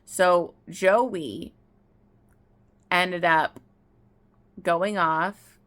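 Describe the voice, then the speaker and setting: A young woman, tearful and emotional, rambles in a casual outdoor book vlog, often starting sentences over. Her low-side voice is fairly bright, with fairly even intonation and drawn-out words.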